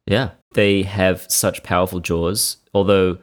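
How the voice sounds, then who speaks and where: A man's voice: deep voice, flat delivery, takes it slowly. A man co-hosting a casual podcast, enthusiastically trading animal facts. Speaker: podcast co-host. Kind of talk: casual chat.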